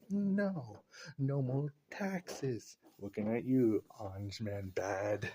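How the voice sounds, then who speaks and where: A man's voice: fairly low pitch, animated, takes it slowly, darkish tone, breathy edge. A man vlogging a casual, rambling opinion rant, joking and laughing at his own lines.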